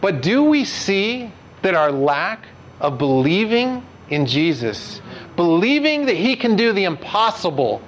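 A man's voice: sits high, very animated, a little slow, slight background noise, poor audio. A man preaching a conversational sermon as pastor, earnest and putting direct questions to his congregation.

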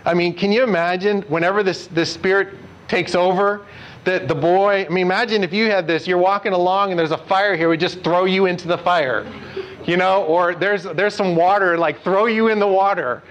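A man's voice: sits high, steady tone, normal speed, a bit bright, slight background noise, rough recording. A man preaching a conversational sermon as pastor, earnest and putting direct questions to his congregation.

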